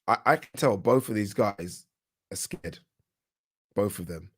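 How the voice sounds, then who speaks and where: A man with a British accent giving casual live commentary on a boxing match for his channel, chatty and quick to react, often restarting his words. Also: lowish voice, a bit bright, slightly rough. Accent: British English. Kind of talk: live watch-along fight commentary.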